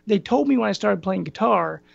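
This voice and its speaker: A man with a gruff, raspy voice chats casually as a podcast guest, wandering off on tangents. His voice is gravelly, and it sounds dry and a little muffled, like a lo-fi call recording. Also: sits high, lively intonation, a little fast, dry recording. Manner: rambling, tangents with many ums. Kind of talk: casual chat.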